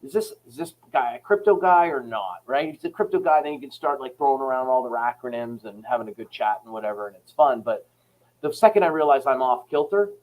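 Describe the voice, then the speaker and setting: A man's voice: medium pitch, animated, quick pace, darkish tone, poor audio. A man from Canada, a sales company head and author, talking frankly and rambling as a podcast guest, acting out phone calls as he tells stories. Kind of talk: casual podcast interview.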